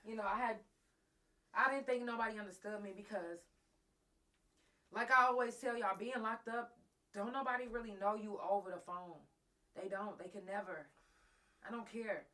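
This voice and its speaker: The host of a live talk show, a woman with a bright, forceful mid-range voice, speaks at a moderate pace with fairly even intonation and frequent pauses. On the verge of tears, she tells her listeners a raw, profane, emotional personal story directly.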